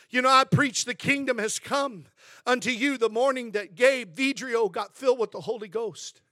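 A man preaching a sermon as pastor, telling stories with frequent amens and praise interjections, and climbing to shouts at the high points. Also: moderate pace, dry recording, clean studio sound. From Southern California. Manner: storytelling preacher, rising to shouts.

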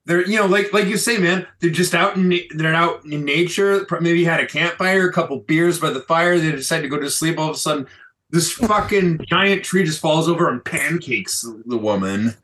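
A man's voice: fairly high pitch, moderate pace. A man co-hosting a casual news podcast, reading stories aloud and swearing often in between. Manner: profane, animated, cuts in apologetically. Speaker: podcast co-host.

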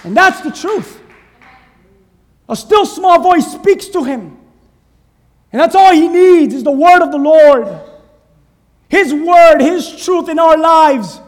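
Guy preaching fervently, really high voice, long church-hall reverb, keeps urging the crowd. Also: slow, long pauses. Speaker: pastor. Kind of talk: sermon.

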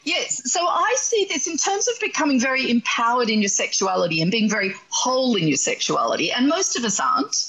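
A woman with an Australian accent speaks as an interview guest, explaining her ideas in steps. Her voice is a little breathy and fairly high, and her pitch swings widely. She sounds enthusiastic and affirming. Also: big pitch swings, a little fast, few pauses, fairly bright tone, low-quality recording. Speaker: guest, sex and relationship coach. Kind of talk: conversational interview.

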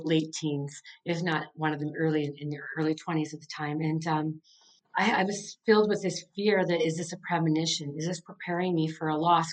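A woman's voice: fairly low pitch, poor audio. Earnest middle-aged woman telling her story. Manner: earnest, heartfelt storytelling with many "like" fillers. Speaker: author and coach, podcast guest. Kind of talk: casual interview conversation.

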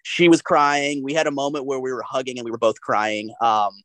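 Male podcast guest, lively profane storyteller, mid pitch. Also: brisk, dry recording. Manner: animated, profane anecdote-telling. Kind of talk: casual storytelling chat.

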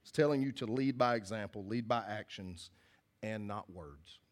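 A man's voice: on the low side, normal speed. A man, a pastor preaching a sermon in a church, earnest and folksy, often restarting and repeating his phrases. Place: church hall with congregation.

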